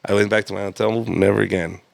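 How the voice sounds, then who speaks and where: Gravelly laughing man telling stories. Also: lowish voice, fairly even intonation, quick pace, no echo. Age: 30s. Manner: profane, laughing storyteller. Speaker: comedian guest. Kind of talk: casual storytelling.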